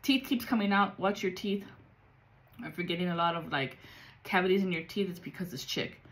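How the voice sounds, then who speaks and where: A woman's voice: fairly low pitch, a little fast, a bit bright. A woman giving a casual spiritual reading, blunt and full of profanity and street slang. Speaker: psychic reader.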